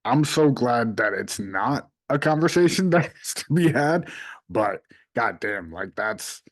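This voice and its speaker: A man with an everyday mid-pitched voice co-hosts a podcast. He chats casually, laughing along and tossing in short reactions. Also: animated, measured pace, dry recording, clean studio sound. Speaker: podcast co-host. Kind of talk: casual chat.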